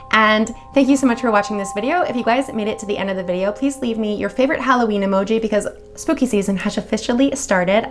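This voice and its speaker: A woman hosting a video channel, reading horror stories aloud and then chatting casually with viewers, swearing freely and gushing. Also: fairly high pitch.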